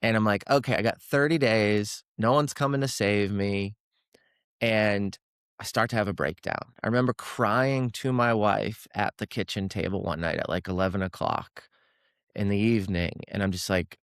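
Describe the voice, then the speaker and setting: A man's voice: lowish voice, moderate pace, dry recording, studio quality. Earnest man telling a personal story. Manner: earnest, repeats words when moved. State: close to tears at times. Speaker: podcast guest.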